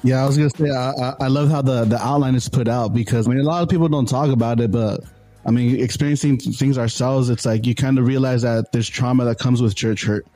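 A man with a dark, mellow voice talks through his faith in an earnest, unscripted way. He often stumbles and repeats words as he goes, and faint music plays behind him. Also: medium pitch, fairly even intonation, fast. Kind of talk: casual faith discussion.

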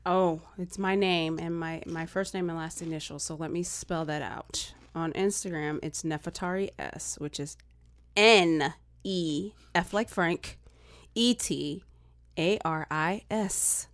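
A woman guest, an actor and writer, chatting casually and playfully in an interview. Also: lowish voice. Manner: playful, quick to laugh.

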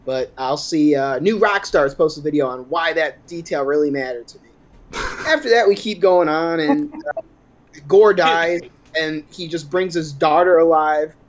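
A man giving a rambling, sarcastic, profane movie recap on a podcast. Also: fairly high pitch. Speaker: podcast co-host.

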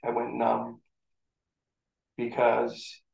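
A middle-aged man, a former football player telling animated stories from his playing days in a casual interview. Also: mid-range voice, extremely slow, gravelly. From St. Catharines, Ontario, Canada. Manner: animated storyteller who acts out the voices in his story. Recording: echoey room.

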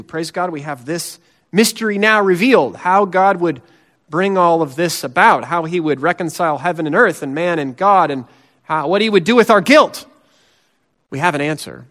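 A man preaching a sermon as pastor, earnest and emphatic, lifting his voice on key phrases and dropping it low and soft on others.

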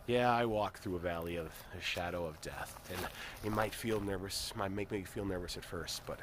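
A man as pastor giving a conversational devotional talk, growing animated when he poses questions. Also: low-pitched, moderate pace, background noise. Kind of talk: devotional sermon.

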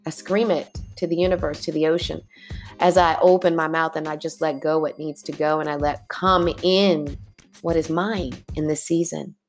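A woman hosting a motivational podcast, talking listeners through guided breathing. She speaks in a lively, colloquial way and drops in "y'all" asides. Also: sits low, moderate pace, soft background music. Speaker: podcast host.

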